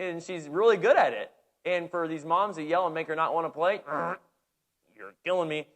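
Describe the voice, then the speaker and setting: Pastor, man, 30s, slightly high voice, chatty sermon storyteller. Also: moderate pace. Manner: conversational, animated, many restarts and fillers.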